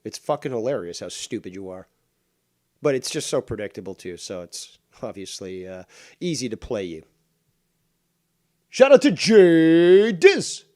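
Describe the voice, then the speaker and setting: Brief: male streamer, mid-pitched, combative and sneering, very dry close-miked sound. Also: normal speed, a little mellow, no room sound. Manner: mocking, combative, swears a lot. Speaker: streamer reacting to clips. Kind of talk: profane ranting commentary.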